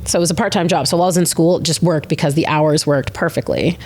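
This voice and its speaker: A woman in her thirties, a podcast guest, telling animated stories in casual chat and acting out the voices of people she quotes. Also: low-pitched, fast, slight background noise.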